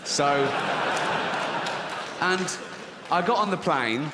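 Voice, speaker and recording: Drawing out his words in a high-sitting voice, a middle-aged man does a stand-up bit on a large theatre stage, animatedly switching between the two sides of an inner argument as he tells his story. The audio is very noisy, captured by a stage mic in an echoing hall where the audience can be faintly heard.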